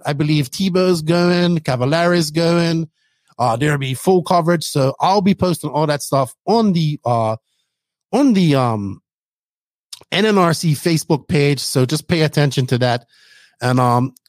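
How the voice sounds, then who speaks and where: A man hosting a podcast in casual, rambling chat full of fillers and shout-outs. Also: on the high side, no room sound. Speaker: podcast host.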